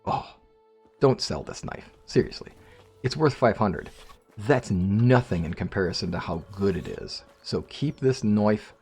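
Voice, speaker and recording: A man's voice: low-pitched, lively intonation, measured pace, vocal fry, a little mellow, slightly rough, soft background music. A man casually commenting on his game, rambling and joking with viewers. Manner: rambling, jokey, talks to viewers. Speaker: let's play host.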